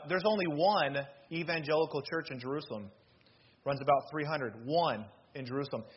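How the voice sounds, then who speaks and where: A man preaching a sermon as pastor, polling the congregation and adding joking asides. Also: on the high side. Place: church hall. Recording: dull lo-fi sound with faint noise.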